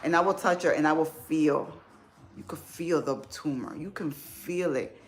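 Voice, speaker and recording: Woman, live stream host, chatty and heartfelt, slightly low voice, talks informally to viewers. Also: normal speed. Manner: warm, emotional, chatty, informal speech. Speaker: livestream host. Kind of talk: casual live chat with viewers.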